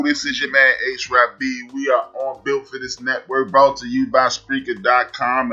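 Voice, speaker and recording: A man in his forties hosting a sports talk podcast, emphatic and animated with shout-outs. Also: on the low side. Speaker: podcast host. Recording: dull lo-fi sound, faint music.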